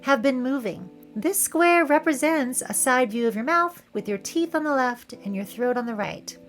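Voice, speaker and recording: California valley girl lady doing a jokey film commentary, high voice, faint music behind. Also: expressive, normal speed, a bit bright. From San Francisco area, California. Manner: playful, wry, joking asides. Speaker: video essay host. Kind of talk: casual commentary over film clips.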